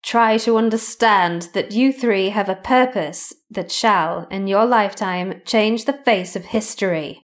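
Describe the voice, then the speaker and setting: A woman voicing a secretive entity from the future, reading its message slowly and solemnly in a lowered voice. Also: close to an everyday voice. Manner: slow solemn recital.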